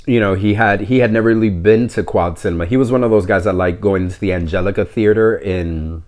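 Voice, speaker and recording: A middle-aged man from New tells a personal story in a relaxed monologue. His voice sits on the low side comes through as he rambles candidly with fillers. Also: a little fast. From New York City. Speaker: podcast host.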